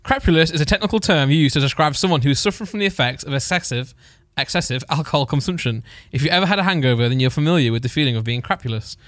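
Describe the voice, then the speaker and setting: A young man co-hosts a chatty podcast, reading out odd word definitions at a rapid clip. His voice sits a little high and is recorded dry and close. He laughs easily between lines. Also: animated, fairly bright tone, dry recording. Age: 20s. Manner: reads definitions aloud and laughs often. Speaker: podcast co-host.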